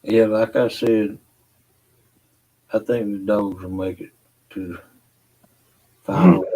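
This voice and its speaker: A man talking as a guest in a casual chat, slow and halting with many fillers. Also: fairly low pitch, steady tone, dark tone, rough recording.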